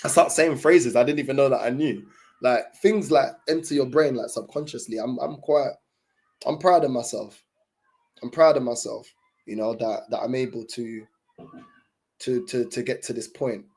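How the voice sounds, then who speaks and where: A man's voice: mid-range voice, normal speed, a little mellow. A young man chatting casually to his livestream viewers, in laid-back, slang-heavy talk full of fillers. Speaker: livestream host.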